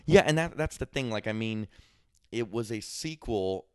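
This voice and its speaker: A young man with a low, smooth voice chats casually, full of restarts and quick laughs. He sounds close to the mic in a dry room with no echo. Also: lively intonation, darkish tone. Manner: chatty, self-interrupting, quick to laugh. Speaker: podcast co-host. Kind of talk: casual chat.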